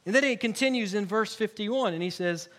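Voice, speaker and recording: A male pastor with a high-pitched, slightly bright voice preaches briskly in a conversational style. He adds humorous asides and hammers home words by repeating them.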